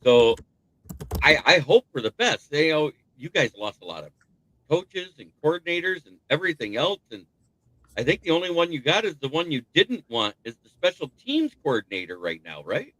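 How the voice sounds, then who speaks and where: Male sports stream host, bright, dry close sound, rambling casual chat. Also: a little high, sing-song, moderate pace, no room sound, low-quality recording. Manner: rambling, thinks aloud with restarts, laughs at rival team's troubles. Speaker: sports talk show host.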